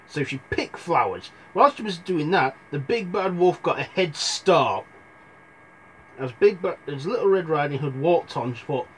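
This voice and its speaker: A man's voice: on the high side, animated, normal speed, a little hiss or hum. A young man telling fairy tales in a rambling, irreverent comic retelling, full of asides. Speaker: storyteller.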